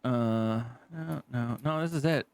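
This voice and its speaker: A man doing casual gameplay commentary as a streamer, animated, swearing often and thinking aloud. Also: mid-range voice, takes it slowly, vocal fry, smooth, no room sound.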